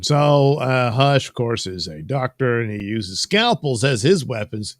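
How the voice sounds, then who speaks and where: A man's voice: mid-range voice, very animated, a little slow, few pauses, no room sound. A man casually recapping a comic book with rambling, folksy, wry asides as host of his own show.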